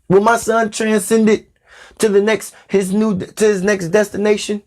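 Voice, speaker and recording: High-voiced man preaching with emphatic repeats. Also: level tone, a little slow, a little mellow. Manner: emphatic, repeats phrases for stress; addresses listener as "Divine". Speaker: spiritual teacher. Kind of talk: preachy spiritual podcast monologue.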